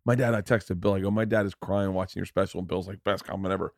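Gravelly man telling animated stories. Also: deep voice, fast talker, no echo, studio quality. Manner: animated storyteller, swears often, acts out quotes. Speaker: podcast host. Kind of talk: casual chat.

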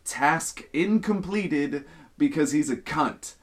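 A man's voice: fairly high pitch, slow. A young man hosting a podcast, casually telling a workplace story with lots of swearing. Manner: profane, animated storytelling. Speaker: podcast host.

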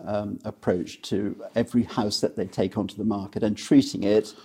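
Male guest, husky low voice, halting measured delivery. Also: fairly even intonation, darkish tone. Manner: hesitant, many ums and restarts, measured advice. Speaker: guest, property sales expert. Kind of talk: conversational interview.

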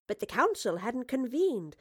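A woman's voice: fairly high pitch, sing-song, normal speed, breathy edge, dry recording, studio quality, voice pushed up. A woman playing a stern, guarded professor. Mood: probing. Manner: probing questions, hesitant when cornered.

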